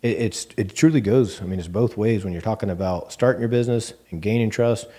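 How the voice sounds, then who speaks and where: A man's voice: lowish voice, brisk. A man with a Texan accent, a bank CEO guest telling stories in a casual interview and acting out the dialogue with plenty of fillers. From Texas Panhandle. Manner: animated, acts out quoted dialogue with many fillers.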